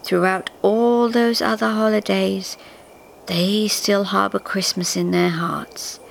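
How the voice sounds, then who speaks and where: A woman voicing Father Time, a kindly old man with a warm, friendly voice who speaks slowly, softly and a little conspiratorially. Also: mid-range voice, level tone, gravelly, a little hiss or hum. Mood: gentle. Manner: slow, soft and gently conspiratorial.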